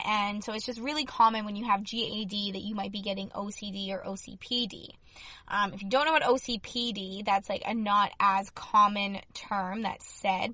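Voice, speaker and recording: Bright, upbeat young woman host. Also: medium pitch, no room sound. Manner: chatty and upbeat, many fillers. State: slightly hoarse. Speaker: podcast host. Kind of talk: casual solo podcast talk.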